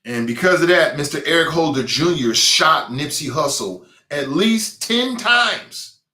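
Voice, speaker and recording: A man's voice: on the high side, lively intonation, measured pace, bright, forceful tone, reverberant. A man hosting a talk show with a Cincinnati accent, delivering a blunt, mocking, streetwise opinion monologue.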